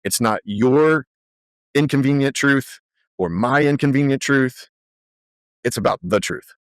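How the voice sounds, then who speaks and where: A man guesting on a podcast, telling animated stories full of fillers in a conversational way. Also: mid-range voice, a little slow, no echo, studio quality. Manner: animated, lively storyteller with frequent fillers. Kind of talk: conversational storytelling.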